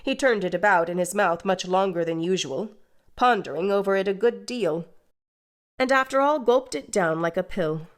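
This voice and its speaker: A woman narrates a classic novel as an audiobook, reading the script in a measured, even manner. Her voice is medium in pitch.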